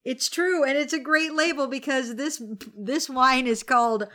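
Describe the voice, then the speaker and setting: A woman's voice: high-pitched, moderate pace, a bit bright. A woman in her forties hosting a casual podcast chat over wine, candid and grumbling, swearing freely. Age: 40s. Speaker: podcast co-host.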